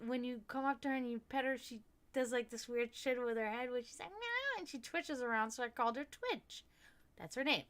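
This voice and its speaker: A woman's voice: a little high, fairly bright tone. Chatty, swearing woman streamer. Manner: profane, rambling, laughs often. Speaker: livestream host. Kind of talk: casual livestream chat.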